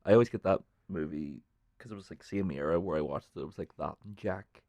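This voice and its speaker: A man's voice: deep voice, mellow, dry recording. A man with a Northern Irish accent, a filmmaker guesting on a film podcast, chatting casually and tossing in crude jokes. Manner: playful, quick with crude jokes. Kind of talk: casual chat.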